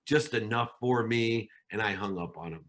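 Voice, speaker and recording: A middle-aged man, a podcast guest, telling his life story with animated quoted voices. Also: on the low side, normal speed.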